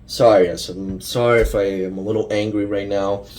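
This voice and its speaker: Young male vlogger, lowish voice; loose, rambling casual rant full of fillers. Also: steady tone, moderate pace, darkish tone, a little hiss or hum. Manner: rambling, many fillers and restarts. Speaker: fan vlogger.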